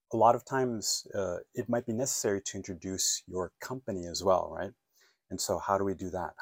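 A man with a very low voice leads an online English lesson on phone calls. He is encouraging and repeats key words, checking in with his learners often. The sound is close and dry, with no room echo. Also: vocal fry. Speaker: English teacher.

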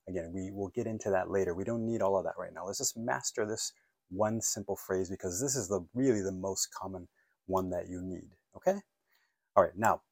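A man's voice: sits low, dry recording, clean studio sound. A man teaching a phone-English lesson, encouraging and checking in often with "okay?" and "right?".

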